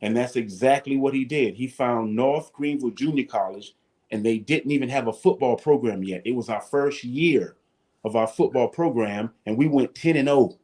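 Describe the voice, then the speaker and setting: A man, a former football player telling animated stories as a guest on a talk show. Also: medium pitch, moderate pace. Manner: animated storyteller, acts out his coaches and shouts. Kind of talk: storytelling in a talk-show interview.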